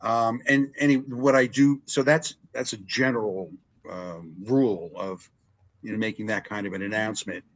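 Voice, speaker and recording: An older man, a longtime ring announcer, telling stories in a relaxed interview and acting out what people said. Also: normal speed, rough recording. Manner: animated storyteller, acts out quotes with big pitch jumps. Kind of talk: storytelling interview chat.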